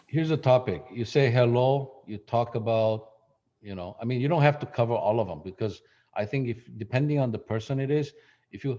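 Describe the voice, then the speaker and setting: A man coaching a class on phone scripts in a relaxed, conversational way, with many fillers and restarts. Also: mid-range voice, dull audio. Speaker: real estate trainer.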